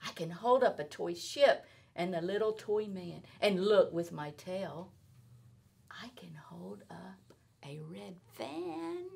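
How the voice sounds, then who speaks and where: A woman's voice: lowish voice, unhurried, darkish tone. A woman voicing a playful, show-off male cat from a children's storybook, in a sing-song, exaggerated read-aloud manner. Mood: boastful.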